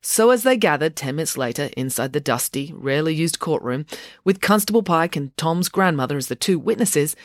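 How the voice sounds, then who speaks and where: Lively storybook podcast narrator, dry close sound. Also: mid-range voice, dry recording. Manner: lively, chatty, talks straight to young listeners. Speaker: podcast host reading a children's book.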